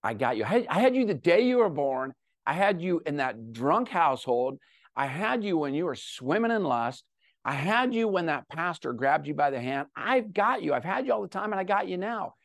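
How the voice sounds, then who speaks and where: A man voicing God in his story, with emphatic, repeated reassurance, pitched higher than his usual talk. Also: sing-song, rapid-fire, creaky, few pauses, no echo, studio quality. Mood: reassuring.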